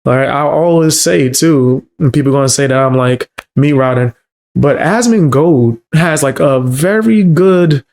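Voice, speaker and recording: A man's voice: fairly high pitch, expressive, unhurried, vocal fry, a little mellow. A man hosting a commentary channel, reacting in a blunt, slangy, dismissive way.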